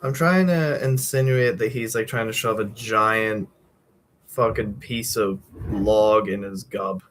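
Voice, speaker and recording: A man's voice: on the low side, slow, a bit bright, slight background noise. Young man rambling while drawing. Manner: meandering, swears casually, many fillers. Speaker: streamer drawing a comic.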